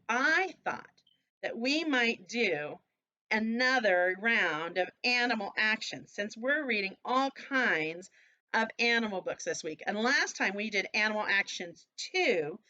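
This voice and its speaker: A woman preschool teacher leading online circle time at home, talking to young children in an animated, sing-song way. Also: a little high, highs cut off.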